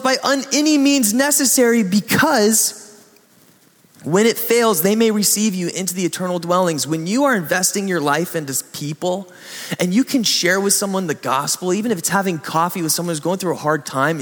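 High-voiced man preaching in a hall. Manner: animated storytelling, acts out voices. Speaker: pastor. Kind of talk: sermon.

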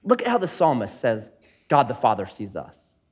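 Animated man preaching a sermon. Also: medium pitch, moderate pace. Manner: animated, swings from loud playful to hushed earnest. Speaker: pastor.

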